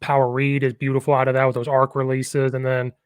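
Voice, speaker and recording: A man's voice: medium pitch, completely flat delivery, fast, smooth, no echo. A man hosts a casual coaching podcast and tells rambling stories with a lot of enthusiasm. His voice sits in an ordinary middle range for a man. The sound is close and dry, with almost no room around it. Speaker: podcast host, football coach.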